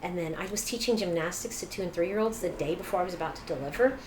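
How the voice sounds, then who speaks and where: A middle-aged woman telling her own story as an interview guest, animated, acting out what other people said. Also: on the low side, quick pace. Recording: echoey room with faint noise.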